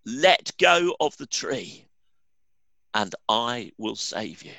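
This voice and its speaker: A man voicing a calm, heavenly voice from the sky, speaking in measured, reassuring words. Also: mid-range voice, gravelly, dry recording, studio quality, exaggerated voice.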